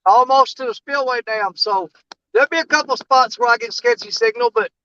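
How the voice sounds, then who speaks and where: A man's voice: very high-pitched, sing-song, brisk, pushed and bright, muffled recording, slight background noise. A man talking casually in a tired, folksy way. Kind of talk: casual chat.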